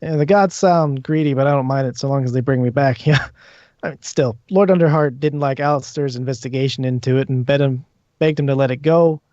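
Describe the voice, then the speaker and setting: A man's voice: mid-range voice, a little fast, dark tone, dry recording, close to an everyday voice. A man voicing a boastful male dwarf grave digger who rambles in folksy, broken grammar, on dull lo-fi audio. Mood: rambling.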